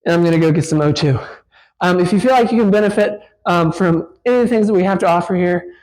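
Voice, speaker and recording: A man with a fairly high voice talks through a barbell lift as he does it. He is a physical therapist giving a casual instructional demo in a gym, slightly breathless from the effort, with plenty of "um"s along the way. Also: fast, a little mellow, rough recording. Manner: casual, explains while lifting, many fillers. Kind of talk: instructional demonstration.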